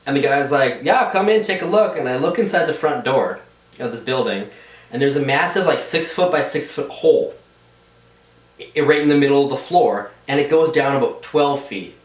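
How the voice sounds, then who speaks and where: Young male podcast co-host, casual rambler, average pitch, recorded off-mic in an echoey room. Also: normal speed, distant mic. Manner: rambling anecdotes with many likes and restarts. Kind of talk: casual chat.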